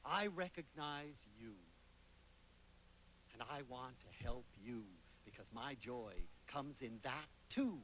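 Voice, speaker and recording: A man giving a motivational lecture, telling anecdotes dramatically with sudden swings between loud and soft. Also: medium pitch, slow, a little hiss or hum, poor audio. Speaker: motivational speaker.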